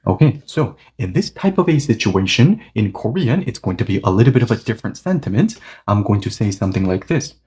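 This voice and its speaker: A man's voice: lowish voice, very animated, brisk, few pauses, a little mellow. A man teaching a Korean grammar lesson, explaining word order and acting out example sentences with lots of "okay" and "yes" asides.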